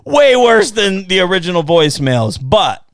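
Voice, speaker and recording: A man hosting a casual podcast chat, telling stories loudly, cursing often, and mimicking people he quotes. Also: sits high, normal speed, dry recording, clean studio sound. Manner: profane, animated storytelling with mocking quoted voices. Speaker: podcast host.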